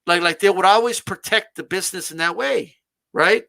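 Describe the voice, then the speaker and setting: Bright, high-pitched male streamer host, loose and animated, swears freely. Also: normal speed, vocal fry. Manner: animated, repetitive restarts, swears casually. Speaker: streamer hosting a live wrestling talk. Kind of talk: casual ranting commentary.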